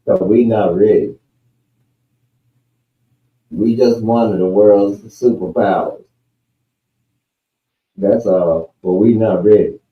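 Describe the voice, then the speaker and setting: A man's voice: fairly low pitch, steady tone, takes it slowly, pauses often. Slangy man in an echoey room. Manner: agreeable, slangy interjections. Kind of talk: casual commentary chat. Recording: roomy, dull lo-fi audio.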